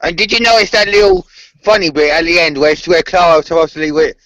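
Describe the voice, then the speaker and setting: A man's voice: fairly high pitch, steady tone, fast talker, fairly bright tone, dry recording. A man co-hosting a fan podcast who talks hesitantly, stumbling over fillers. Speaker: podcast co-host. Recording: dry, lo-fi podcast audio.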